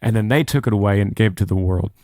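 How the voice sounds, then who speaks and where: A man's voice: on the low side, rapid-fire, darkish tone, dry recording, clean studio sound. A man co-hosting a Bible podcast, talking earnestly and acting out the voices in the passages he quotes. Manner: earnest, preacherly, acts out quotes. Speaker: podcast co-host. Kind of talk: casual Bible study chat.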